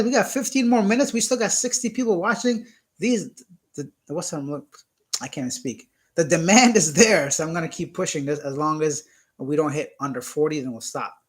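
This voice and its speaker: A young Canadian man runs a laid-back YouTube live stream, reading viewer comments aloud in casual chat. His voice is a bit high for a man, and he stays playful and teasing, laughing often.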